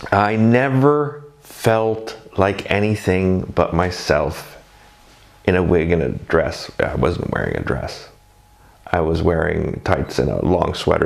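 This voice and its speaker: A man with a somewhat low voice talks in a loose, rambling monologue. He pokes fun at himself as he chats along. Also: creaky. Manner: rambling, self-deprecating, chatty. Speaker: drag performer reflecting on first night.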